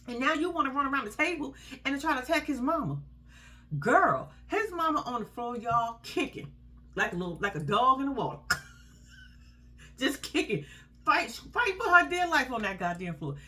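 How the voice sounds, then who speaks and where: A woman's voice: high-pitched, pushed and bright. A woman giving casual, blunt, profane commentary on a reality show, laughing often as she tells the story. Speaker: reality TV recap host.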